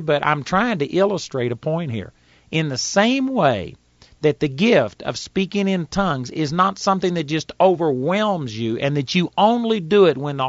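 A man's voice: fairly high pitch, no room sound, muffled recording. A man with a Texas accent, teaching from the Bible in a folksy, plainspoken sermon and reading scripture aloud. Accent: Texan. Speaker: preacher.

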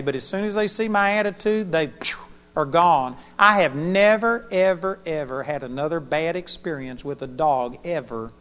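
A man preaching a sermon, telling a personal story with animated swings in pitch and loudness. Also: in a large hall, dull audio.

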